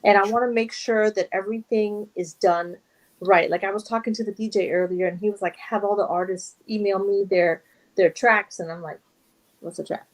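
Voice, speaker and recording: Woman talking about her event, earnest and animated, just chatting on an interview. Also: mid-range voice, moderate pace, poor audio. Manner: earnest, animated, emotional at times. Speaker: guest, charity event organizer. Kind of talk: casual interview talk.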